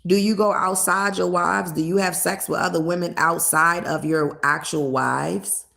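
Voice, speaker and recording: Blunt, profane woman with a gravelly voice. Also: on the low side, steady tone, normal speed, fairly bright tone. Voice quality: blunt, profane, laughing asides. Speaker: live streamer. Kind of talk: casual livestream chat with viewers.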